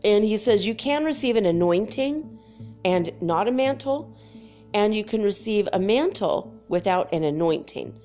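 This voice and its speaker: A woman's voice: mid-range voice, animated, a little slow, mellow, soft background music. A woman talking candidly to her viewers about faith and her past, emotional and laughing often, sometimes swearing. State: tearful at times. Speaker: spiritual vlogger. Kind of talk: casual confessional talk to viewers.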